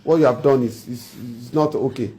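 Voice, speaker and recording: A man who lectures a wife in pidgin English and urges calm. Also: mid-range voice, normal speed. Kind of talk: skit acting.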